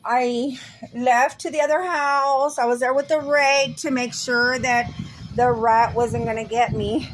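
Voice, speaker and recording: A middle-aged woman rambling and venting in a casual, profane vlog. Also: a little high. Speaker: vlogger.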